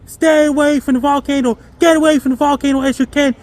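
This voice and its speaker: A man with a very high voice reads a weather warning. He repeats the same dates and instructions several times in a flat, unchanging tone. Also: quick pace. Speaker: amateur weather forecaster. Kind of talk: repetitive forecast warnings.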